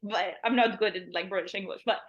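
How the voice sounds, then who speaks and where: A woman's voice: mid-range voice, steady tone, quick pace, highs cut off. A woman, a language teacher, talking casually as an interview guest, rambling with lots of "like" and laughing often.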